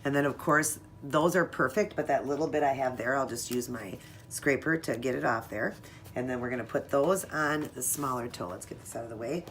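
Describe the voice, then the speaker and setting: A woman's voice: very deep voice, brisk, a little hiss or hum. A woman narrating a casual step-by-step nail art tutorial, chatting to viewers as she works. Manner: chatty, talks to viewers while working.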